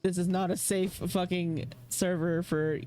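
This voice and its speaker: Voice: mid-range voice, flat delivery, a little slow, mellow. A young adult streamer giving casual live commentary while playing and chatting with viewers, swearing freely, laughing often and rambling in a jokey way. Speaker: game streamer. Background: faint game music.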